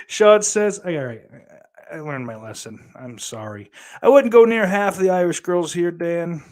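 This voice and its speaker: Podcast dude reading chat out loud, cussing and cracking up a lot, bouncy pitch, takes his time. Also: lively intonation, measured pace. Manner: laughs often and swears freely while reading comments aloud. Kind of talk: casual crude banter.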